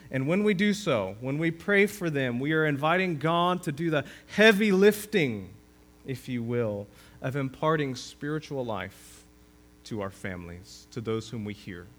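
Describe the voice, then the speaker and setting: A man's voice: fairly high pitch, a bit bright. A man preaching a sermon as pastor of a church, earnest and rising to emphasis when he quotes scripture.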